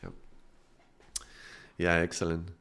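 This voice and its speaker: A middle-aged man with a strong Spanish accent, a native Spanish speaker from Spain, hosts a casual live talk as a spiritual teacher. His voice sits fairly low, and he speaks in quick, animated bursts, chuckling often and restarting his sentences as he goes. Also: creaky, smooth. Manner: quick, animated storytelling with frequent laughs and restarts.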